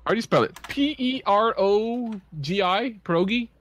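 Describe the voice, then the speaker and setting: A young man from the Netherlands with a Dutch accent, bantering in mock offense while streaming a game with friends. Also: high voice. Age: young adult. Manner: animated, mock-offended, quick to laugh. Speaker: streamer and co-player. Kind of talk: casual gaming banter.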